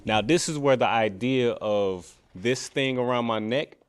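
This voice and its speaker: A man's voice: medium pitch, a little slow, smooth. A man teaching a scripture class, preaching conversationally and emphatically, often saying "you know what I mean". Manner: challenging, emphatic. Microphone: computer mic, screen sharing.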